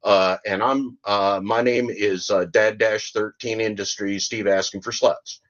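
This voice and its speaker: A man putting on a smug, scornful gig-driver video maker in a slow, mocking voice. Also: on the low side, fairly even intonation, fairly bright tone, muffled recording. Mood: sneering.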